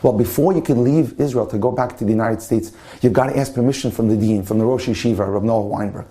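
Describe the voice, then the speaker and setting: A caring male rebbe, played by a storyteller, pressing his student gently but insistently. The voice is warm and mellow. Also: mid-range voice, quick pace, close to an everyday voice. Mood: coaxing. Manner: coaxing, insistent.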